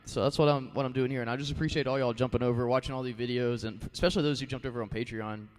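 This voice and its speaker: On a live stream, a man in his thirties chats casually and rambles, thanking his viewers and saying "like" and "you know" a lot. His voice is medium-pitched and steady, and he talks rapid-fire. The recording has a long reverb tail.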